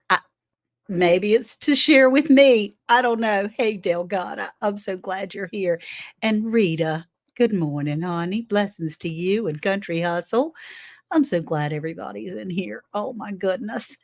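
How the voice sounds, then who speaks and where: A chatty woman with a drawl hosts a casual live stream from her computer. She is a little out of breath and warmly greets viewers by name, calling them honey and baby. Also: medium pitch, measured pace. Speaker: livestream host.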